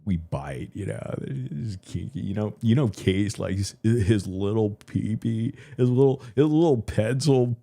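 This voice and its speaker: Rambling, crude low-voiced male streamer. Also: lively intonation, a little slow, creaky, hardly any pauses, mellow. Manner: loose, profane, joking, repeats himself. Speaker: live stream host.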